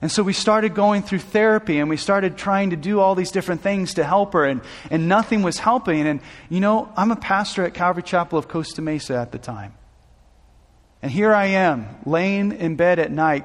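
A man's voice: sits high, normal speed. A man preaching as a pastor, telling a personal story with emotion, restarting phrases as his intensity builds. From Southern California. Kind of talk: sermon storytelling. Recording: long hall reverb.

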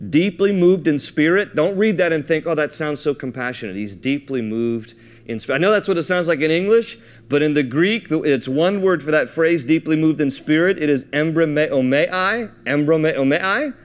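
A man's voice: fairly high pitch, lively intonation, normal speed. A man preaching a sermon, reading scripture aloud and explaining it in a casual, thinking-aloud way with frequent restarts. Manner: reads scripture aloud, then explains it conversationally; repeats and restarts words while thinking aloud. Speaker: pastor.

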